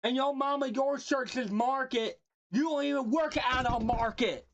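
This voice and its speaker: A woman's voice: high-pitched, moderate pace, muffled recording, slight background noise. A woman livestreaming, casually roasting people with playful mock insults and laughing at her own jokes while talking to chat. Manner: talks to chat and a friend off-mic.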